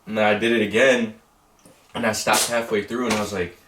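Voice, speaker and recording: A young man telling a story in casual chat, rambling and animated with lots of fillers. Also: fairly low pitch, brisk, background noise. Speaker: co-host. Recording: roomy echo, mic at a distance.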